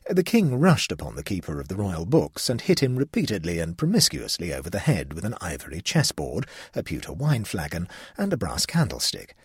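Husky, animated male storyteller. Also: low-pitched, no room sound, studio quality. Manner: expressive, storytelling delivery. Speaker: audiobook narrator. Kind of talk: scripted narration.

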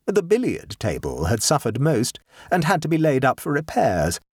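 Lively husky male storyteller. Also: moderate pace, dry recording, clean studio sound. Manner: expressive, shifting pitch for dramatic beats. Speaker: narrator. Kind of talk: scripted story narration.

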